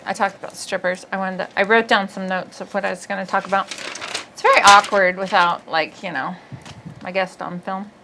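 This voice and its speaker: A woman hosting a podcast in casual comedic chat, rambling, giggly and quick to poke fun at herself. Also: medium pitch, pushed and bright, slight background noise, rough recording. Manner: rambling, giggly, self-deprecating. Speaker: podcast host.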